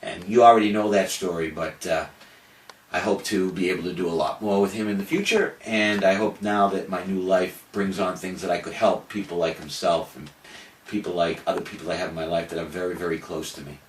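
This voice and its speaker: A man's voice: deep voice, fairly quick. An older man giving a farewell message, then telling a story in a boastful, profane, theatrical way. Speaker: cannabis activist giving a farewell video. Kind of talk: animated storytelling to an audience. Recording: roomy, distant mic, faint noise.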